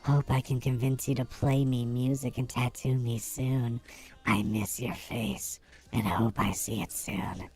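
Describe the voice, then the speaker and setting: A man doing a sultry woman's voice through a voice-changing effect, reading a flirty love note slowly and breathily. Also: mid-range voice, little pitch movement, mellow. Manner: slow, drawn-out sultry delivery. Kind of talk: comic dramatic reading.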